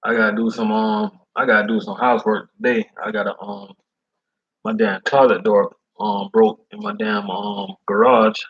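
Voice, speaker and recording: A man who is a food service delivery driver, chatting casually in slangy, animated talk. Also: fairly low pitch, moderate pace, vocal fry, lo-fi sound. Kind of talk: casual chat.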